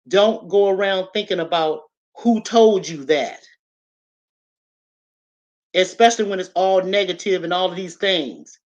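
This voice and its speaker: Woman, livestream host, casual preachy monologue, emphatic, repeats herself, slightly dull lo-fi sound. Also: lowish voice. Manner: emphatic and repetitive, talks straight to the audience. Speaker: livestream host giving a motivational talk.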